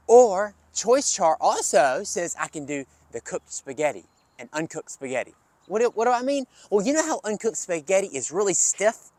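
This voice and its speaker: A man hosting an energetic kids' lesson, coaching children through calming breaths and movement. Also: high voice, normal speed, no echo. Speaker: kids' fitness and social-emotional learning host.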